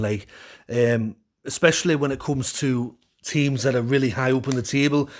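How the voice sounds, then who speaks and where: A man talks through a post-match reaction in a loose, opinionated monologue. His tone runs frustrated, with fillers and restarts along the way. His pitch sits in an ordinary middle range for a man. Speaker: football fan channel host.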